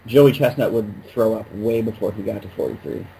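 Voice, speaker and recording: A man's voice: fairly low pitch, a little fast, creaky, warm tone, a little hiss or hum, rough recording. A man co-hosting a podcast, chatting casually in a jokey, rambling way. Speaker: podcast co-host. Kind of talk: casual chat.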